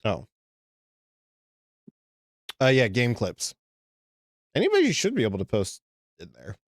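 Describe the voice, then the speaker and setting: Slow-talking laughing man, dry sound. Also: medium pitch, wildly swooping pitch, no echo. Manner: laughs often, swears, wry. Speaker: streamer artist host. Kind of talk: casual live-stream chat.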